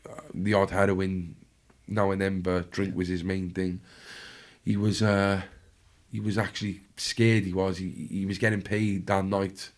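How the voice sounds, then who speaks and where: A lowish-voiced man with a Cardiff accent tells a story from the streets as a podcast guest. He talks bluntly and casually, swears freely, and slips into the voices of the people in his story. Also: flat delivery, measured pace. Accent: Welsh, Cardiff.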